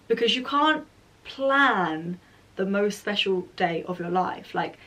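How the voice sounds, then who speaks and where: A young woman tells a story straight to camera in a loose, chatty way, peppering her talk with fillers. She voices her own past thoughts as little scenes. She sits a little back from the microphone, at an ordinary pitch. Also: unhurried, a bit bright, recorded from a distance. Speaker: vlogger. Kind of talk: casual storytime monologue.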